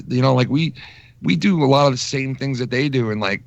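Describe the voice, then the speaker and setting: Man, podcast co-host, gravelly voice, rambling casual talk, dry recording. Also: mid-range voice, a little fast, no echo, highs cut off. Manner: rambling, many fillers and restarts. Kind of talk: casual chat.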